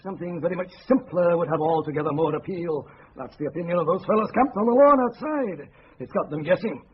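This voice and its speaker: A bluff, excitable middle-aged newspaperman, played by a man, his voice high and swooping. The sound is thin and phone-like with a faint hiss, like an old radio play. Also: fast talker, natural voice. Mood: genial. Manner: bluff, then wildly excited. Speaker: Mister Little. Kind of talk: radio drama acting.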